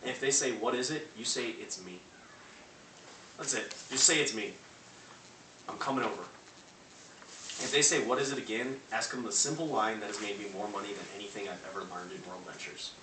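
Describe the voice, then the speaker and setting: A man giving a loud, punchy sales pep talk to a live audience, acting out phone calls. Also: on the low side, moderate pace, long pauses. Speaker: motivational speaker. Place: large room before a live audience. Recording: echoey hall from far off, faint noise.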